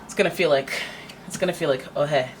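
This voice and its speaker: Woman tarot reader, low voice, chatty and theatrical, faint hiss behind. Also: quick pace, rough recording. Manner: chatty, dramatic, acts out quoted voices. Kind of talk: casual tarot reading.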